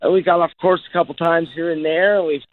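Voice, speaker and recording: A man's voice: on the high side, fairly even intonation, fairly quick. A man casually reflecting in an interview, rambling, searching for words and swearing a lot. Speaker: interviewed musician. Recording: tinny phone-like clip.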